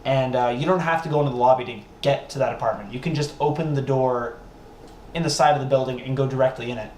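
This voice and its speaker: A young man hosting a podcast, telling a funny story casually and animatedly, with frequent swearing and laughter. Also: medium pitch. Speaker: podcast host. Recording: roomy echo, faint noise.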